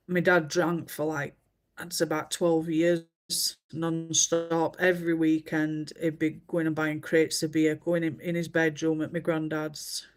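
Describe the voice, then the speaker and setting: A woman, chatting casually on a livestream and telling stories with many fillers. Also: low-pitched. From England. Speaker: livestream host. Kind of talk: casual chat while colouring.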